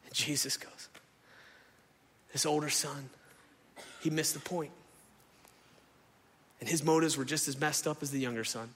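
Man preaching, impassioned, sharp bright tone, long hall reverb. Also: a little high, fairly even intonation, measured pace, pauses often, slight background noise. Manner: impassioned, conversational, asks the crowd questions. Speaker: pastor. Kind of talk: sermon. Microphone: stage microphone.

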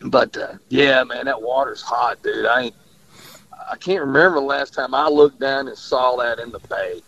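A man's voice: mid-range voice, normal speed, vocal fry, a bit bright. A man, a fishing guide rambling through stories in casual radio chat and laughing often. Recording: dull lo-fi radio audio.

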